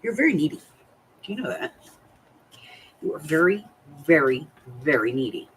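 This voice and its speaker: A woman's voice: deep voice, very animated, moderate pace, slight background noise. A woman in her fifties hosting a crafting live stream, chatting in a confiding way and greeting viewers by name. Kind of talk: casual chat while crafting. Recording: voice a bit far from the mic.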